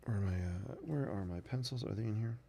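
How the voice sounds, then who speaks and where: A man's voice: fairly low pitch, fairly quick, creaky, mellow, slight background noise. A man hosting his own sketching channel, chatting casually and thinking aloud as he draws. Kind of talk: casual narration while sketching.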